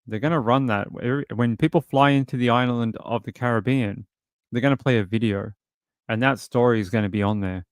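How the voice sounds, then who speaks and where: A man's voice: medium pitch, fairly quick, clear, resonant tone, no room sound, clean studio sound. A man hosting a true crime live stream, reading news and viewer comments with blunt, mocking commentary. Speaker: true crime show host.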